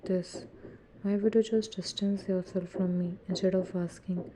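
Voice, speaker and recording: A woman voicing a calm, teasing young man confessing his love, in a soft, flat read-aloud delivery. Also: medium pitch, normal speed, background noise, natural voice.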